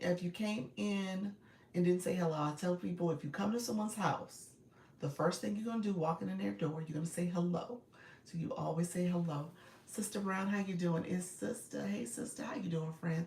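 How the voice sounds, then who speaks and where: A woman with a lowish, gravelly voice chats through a live stream, calling out viewers by name between easy fillers. She sits a little back from a phone mic, so the sound is roomy with a faint hiss behind it. Her talk is loose and friendly, full of "friend" and "y'all.". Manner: chatty, warm greetings to viewers by name, frequent laughs and fillers. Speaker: live stream coach and host. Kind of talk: casual live stream chat reading viewer comments. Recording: roomy, distant phone audio with faint noise.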